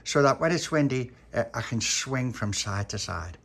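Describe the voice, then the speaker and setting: A man voicing an excitable young boy who speaks in an eager, matter-of-fact way. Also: medium pitch, normal speed, vocal fry.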